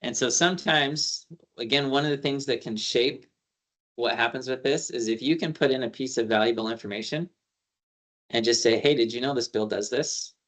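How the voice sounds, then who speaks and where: A man speaking at an ordinary, middle pitch runs a relaxed training session. He explains things conversationally, sprinkling in fillers and acting out quick bits of dialogue from his stories. He sounds like a working attorney talking plainly to a room of citizens. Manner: conversational, tells anecdotes with quoted dialogue, frequent fillers. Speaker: attorney leading a civic training. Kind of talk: casual training talk.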